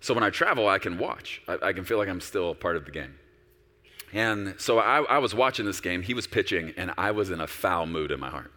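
A man pastor preaching a sermon on a stage, shifting from quiet storytelling to loud, urgent exhortation. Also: low voice, fairly quick, long reverb tail. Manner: animated, swinging from soft storytelling to loud exhortation. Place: large church auditorium with stage.

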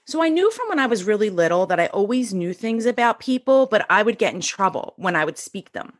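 A middle-aged woman, a podcast guest, telling her story in a casual, animated way and acting out the voices of people she quotes. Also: mid-range voice, a little fast. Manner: animated, acts out quoted dialogue.

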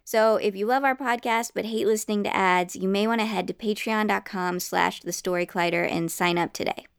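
Brief: woman podcast host, smooth yet gravelly voice, friendly scripted read to listeners. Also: medium pitch, steady tone, a little fast, dry recording, clean studio sound. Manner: friendly, earnest appeal to listeners. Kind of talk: scripted announcement.

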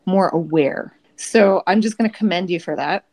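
A woman's voice: lowish voice, normal speed, a little mellow. A woman podcast co-host in casual chat, speaking reflectively and admiringly.

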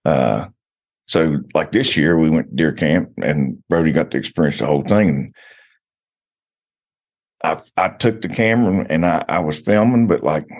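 A man's voice: extremely low pitch, vocal fry, darkish tone. A man, a guest on a casual podcast, telling stories in a rambling way with frequent restarts.

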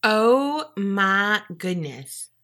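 Lively bright-voiced woman podcaster. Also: medium pitch, drawn-out words. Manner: animated, swears, acts out quotes. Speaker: podcast co-host. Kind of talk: casual true crime chat.

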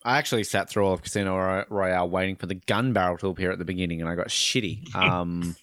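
A man's voice: low-pitched, fast talker, dry recording, studio quality. A man with an Australian accent co-hosting a podcast in casual chat, talking expressively. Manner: expressive, jumps into excited outbursts. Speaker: podcast co-host.

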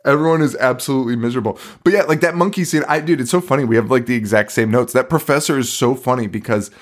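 Speaking fast in a medium-pitched voice, a man co-hosting a podcast chats casually through a horror movie recap. He is profane and laughing, acting out quotes as he goes.

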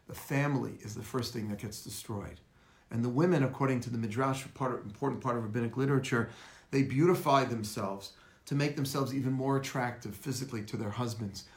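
A man's voice: mid-range voice, reverberant. A man, a rabbi, giving a livestreamed lecture in a storytelling way, asking rhetorical questions. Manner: storytelling, rhetorical questions, welcomes viewers by name. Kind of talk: Facebook Live lecture.

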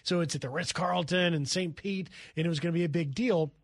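A man, a news correspondent, telling a brisk, lively anecdote as a guest on talk radio. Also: on the high side, no room sound, studio quality. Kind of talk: animated radio storytelling. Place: radio studio.

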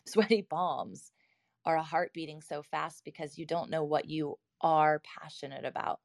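A woman's voice: low-pitched, no room sound, studio quality. A woman in her thirties telling a personal story in an earnest, reflective way, speaking directly to her listeners.

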